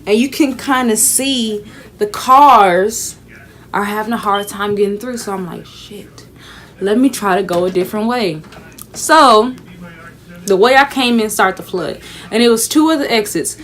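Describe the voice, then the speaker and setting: Taking down her braids on camera, a young woman from Houston tells a casual, expletive-heavy story and performs the different characters. Her voice sits in the middle range, slightly bright, at an ordinary pace.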